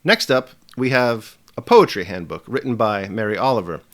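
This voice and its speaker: A man presenting a scripted video lesson with a measured, emphatic delivery. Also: fairly low pitch, animated, a bit bright. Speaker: teacher.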